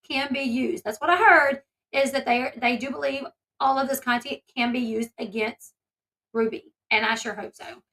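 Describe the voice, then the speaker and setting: A woman with a high, bright voice talks through a commentary video. Her delivery rambles and turns emphatic and indignant, full of asides to her viewers. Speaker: commentary channel host; mother. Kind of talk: casual commentary.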